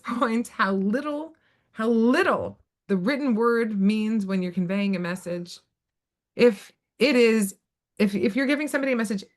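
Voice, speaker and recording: A woman speaking as a panelist on a webinar, emphatic and lively, acting out little quoted exchanges as she explains. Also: medium pitch. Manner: emphatic, acts out quoted voices. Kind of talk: animated webinar talk. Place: video call.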